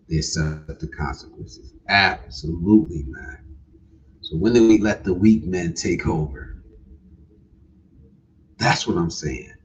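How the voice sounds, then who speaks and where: A man with a deep, low voice, talking unhurriedly in a laid-back livestream chat, often ending his lines with "man". He sounds set back from the mic. The recording is dull and lo-fi. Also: far from the mic, a little hiss or hum. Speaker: livestream host. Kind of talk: casual livestream talk.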